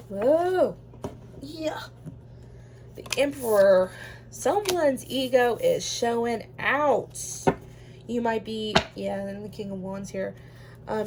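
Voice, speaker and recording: Woman, slightly high voice, casual tarot reader, rambling, lots of ums, faint hiss. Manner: chatty, rambling, lots of ums, laughs easily. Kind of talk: casual pick-a-card tarot reading.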